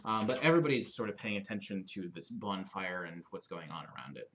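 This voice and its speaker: Bright-voiced man narrating a tabletop game. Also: sits low, lively intonation, brisk, muffled recording. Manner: loose, rambling narration with many fillers. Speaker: dungeon master.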